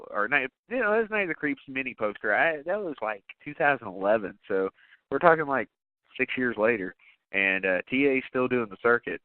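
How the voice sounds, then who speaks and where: A man co-hosting a podcast in a casual movie-review chat, animated and swearing, acting out quotes in bursts. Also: medium pitch, dry recording, narrow, tinny audio. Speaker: podcast co-host.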